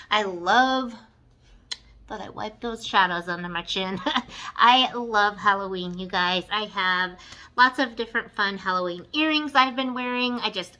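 A woman, chatting excitedly through a makeup tutorial and gushing over the colors. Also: medium pitch, poor audio. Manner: gushing, excitable, says "you guys" and "y'all". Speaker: beauty vlogger. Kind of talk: casual makeup tutorial chat.

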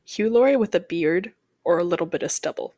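A woman's voice: on the low side, expressive, brisk, mellow, no echo. A young woman co-hosting a podcast, chatting casually in a rambling, jokey way. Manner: rambling, jokey, self-interrupting. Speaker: podcast co-host. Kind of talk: casual chat.

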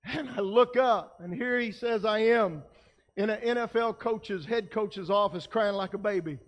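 A man preaching a sermon as pastor, impassioned, swinging between shouted lines and hushed ones. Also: high voice, unhurried, muffled recording.

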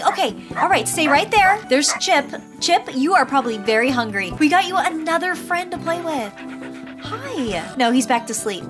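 Woman, gaming commentary, high voice, very animated, sweet baby talk, game music behind. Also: moderate pace. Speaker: gaming YouTuber. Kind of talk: let's play commentary.

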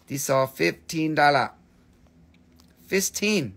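Playful guy running a live sale, cusses a lot, silly voices, voice on the high side. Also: moderate pace, fairly bright tone. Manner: playful and joking, swears freely, voices silly asides. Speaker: host selling stones on a live stream. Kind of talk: casual live sales chat.

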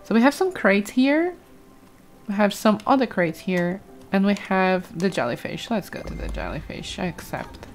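A woman's voice: mid-range voice, big pitch swings, moderate pace, soft background music. A young woman from Brazil, chatting casually over gameplay, exclaiming often and reading chat aloud. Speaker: streamer.

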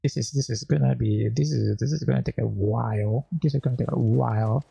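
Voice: medium pitch, brisk, gravelly, mellow, husky. A gaming channel host giving let's-play commentary, frustrated and cursing heavily at the game. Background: game music.

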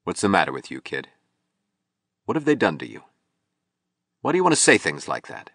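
Male reader as a resolute, measured architect, deep and dry, audiobook. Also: no echo, exaggerated voice. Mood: steady. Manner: clear, careful, steady. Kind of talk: audiobook reading.

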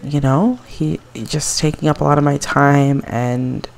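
A woman's voice: sits low, fairly even intonation, a little slow, creaky, darkish tone. A woman voicing an anxious, lovestruck young woman stylist who talks in a flustered, self-doubting way in a life-sim game.

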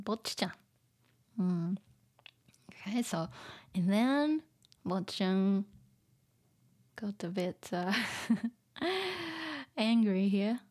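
A woman teaching vocabulary through a manga, explaining slowly, repeating words and laughing often. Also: mid-range voice, a little mellow. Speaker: Japanese teacher. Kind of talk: manga reading lesson.

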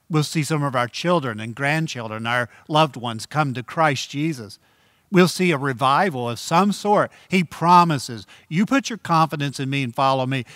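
A middle-aged man preaching a sermon as pastor, earnest, repeating key phrases and slowing down for emphasis. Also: fairly high pitch, fairly bright tone, dry recording, studio quality.

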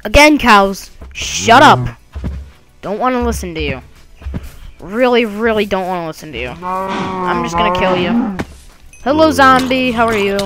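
A woman's voice: medium pitch, lively intonation, a little slow, long pauses, over music. A woman narrating her own game play in a casual way, chatting to the monsters and yelping when she is startled. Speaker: let's play gamer.

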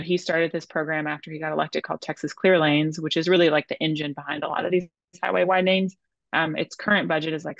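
A woman's voice: deep voice, creaky, dry recording, highs cut off. A woman journalist talking casually as a podcast guest, filling her speech with "like". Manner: chatty, many "like" fillers. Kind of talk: conversational podcast interview.

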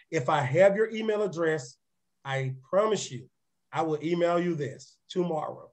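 A man with a raspy voice gives a live-streamed motivational business presentation, energetic and chatty, often checking in with his listeners. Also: a little high, moderate pace. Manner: energetic, conversational, often asks "right?"; repeats words and restarts sentences. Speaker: real estate presenter.

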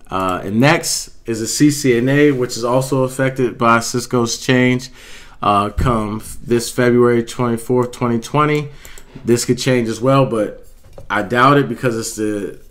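A man, an IT instructor, giving a casual walkthrough of certifications in a conversational way, with frequent fillers and self-corrections. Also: on the low side.

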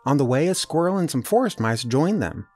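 A man reading a children's storybook aloud, with an animated delivery. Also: on the high side, a little fast, husky, faint music behind. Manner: animated, doing character voices. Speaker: storybook reader.

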